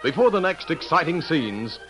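A man narrating a 1940s radio Western in a dramatic announcer voice. His pitch rises and falls with lively swings while music plays clearly beneath him. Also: moderate pace. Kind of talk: scripted narration.

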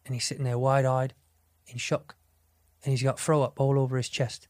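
Mid-pitched man, wry podcast host, close dry mic. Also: level tone, normal speed, darkish tone, no echo. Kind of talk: casual joke-telling chat.

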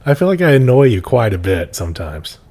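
A man's voice: medium pitch, sing-song, fairly quick, dark tone. A young man hosting a casual podcast, joking and rambling as he teases his girlfriend. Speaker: podcast host.

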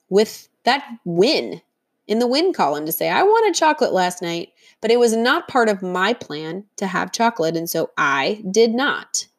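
A woman talks straight to the listener as a diet coach, earnest and encouraging but firm. She teaches in a motivational monologue and briefly acts out the voices she describes along the way. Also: mid-range voice.

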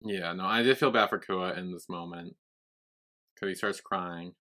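A man's voice: low voice, moderate pace, bright, forceful tone. A young man co-hosting a podcast in casual chat, laid-back, swearing casually as he retells scenes. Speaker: podcast co-host.

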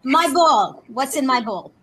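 A woman chatting as a guest in a lively, playful, flirty way, joking as she talks. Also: high voice, unhurried, noisy background. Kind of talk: lively casual chat.

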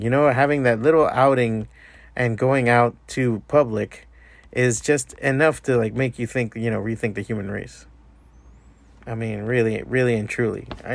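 A man's voice: medium pitch, vocal fry, no room sound. A man hosting a solo podcast, delivering a profane, exasperated rant. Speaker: podcast host. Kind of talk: ranting solo podcast monologue.

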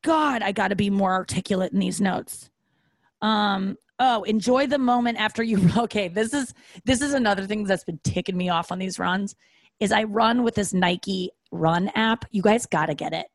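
A woman hosts a podcast in a loose, rambling monologue, candid and freely swearing. Her voice sits at a mid pitch for a woman, and the recording is dry and close with no room echo. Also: normal speed. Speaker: podcast host.

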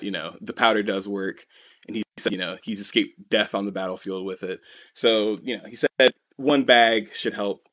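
Man, podcast co-host, fairly low voice, dry close sound, easygoing rambling recap. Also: a bit bright, no echo. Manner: rambling retelling, full of "you know" and "kinda". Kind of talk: casual chat recapping a manga chapter.

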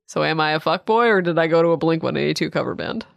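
A woman's voice: deep voice, animated, fast, vocal fry, no room sound, dull audio. A woman co-hosting a comedy podcast, bantering casually, laughing and swearing as she stumbles through her folklore notes.

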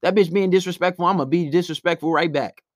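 A young man holds forth in a blunt, brash monologue and acts out the other side of each story. His voice sits high for a man. The sound is dry and close. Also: fairly even intonation, fast talker, no room sound. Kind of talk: casual opinionated monologue.

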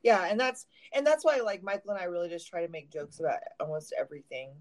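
A woman's voice: fairly low pitch, big pitch swings, fast, a little mellow. A woman co-hosting a podcast in casual chat, blunt and self-mocking, swearing freely. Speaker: podcast co-host.

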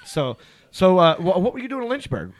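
A man's voice: sits high, big pitch swings, fairly quick. A man hosting a casual radio talk show, telling stories and joking with his guests. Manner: storytelling, joking banter. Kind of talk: casual chat.

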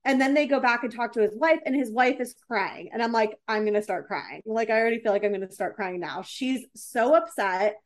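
A woman chatting casually, telling a story in an animated way with lots of filler words. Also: on the high side, brisk, hardly any pauses. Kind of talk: casual chat.

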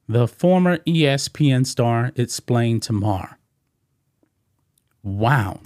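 A man hosts reaction commentary in an emphatic, repetitive way and keeps calling his listeners "man". His pitch sits in the middle range. The sound is dry and close, with no room echo. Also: lively intonation, takes it slowly, long pauses, a little mellow. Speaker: commentary channel host.

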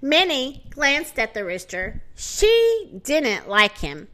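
A woman reading a children's picture book aloud with expressive storytelling. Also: high voice, slow pace.

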